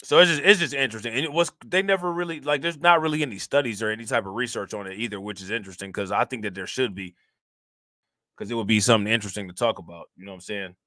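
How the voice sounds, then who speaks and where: A man from Northeast Ohio with a flat Midwestern accent, hosting a casual livestream and rambling to his chat in slangy, loose talk. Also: fairly low pitch, racing, dry recording, clean studio sound. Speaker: livestream host.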